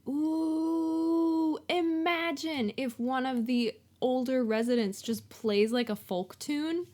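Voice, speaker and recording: A young woman co-hosting a podcast with a bubbly, playful manner. Her voice sits a little high and bright in pitch. She riffs along easily and laughs often. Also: slow. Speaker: podcast co-host. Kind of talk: casual chat.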